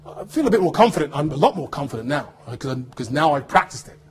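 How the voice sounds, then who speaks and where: An English man, an actor, giving an animated anecdotal talk to students and acting out voices as he tells stories. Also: a little high, fast talker, husky. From United Kingdom. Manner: animated storyteller, acts out voices.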